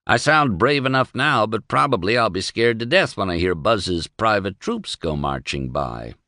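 A wry, sardonic newspaperman, read by a male narrator in his own low voice. His argument rises and drops with animated pitch, recorded dry. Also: moderate pace, dry recording, exaggerated voice.

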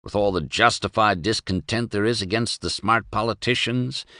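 A man's voice: fairly low pitch, moderate pace, pushed and bright, dry recording, clean studio sound. A man voicing a wry, worried newspaperman arguing sardonically in an audiobook. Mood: sardonic.

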